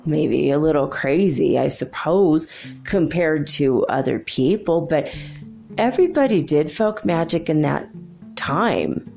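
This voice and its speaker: A woman relaying the words of a joking, plain-spoken old male wizard spirit in her own low, slow voice. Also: expressive, gravelly, mellow, soft background music, full character voice. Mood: musing.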